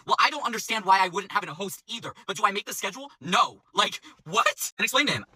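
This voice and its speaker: A man's voice: sits high, animated, very fast, hardly any pauses, pushed and bright, slightly rough, no echo, rough recording. A man working as a restaurant server, telling a storytime in a profane, exasperated rant.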